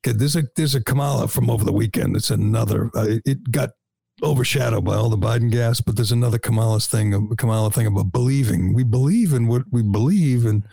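Man, talk host, gravelly, husky, wry and chatty. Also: lowish voice, fast talker, mellow, dry recording, clean studio sound. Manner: chatty, wry, laughs often. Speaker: show host. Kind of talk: casual political talk.

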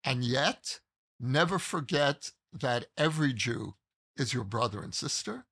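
A man telling a personal story in conversation, measured and earnest, pausing mid-thought. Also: medium pitch, expressive, gravelly, a bit bright, breathy edge.

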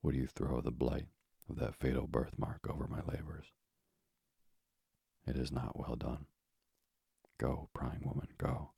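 Man doing an impassioned scientist husband, very deep, gravelly, hushed and whispery. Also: little pitch movement, measured pace, pauses often, no room sound, studio quality, full character voice. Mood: impetuous. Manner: impetuous, solemn, often whispered.

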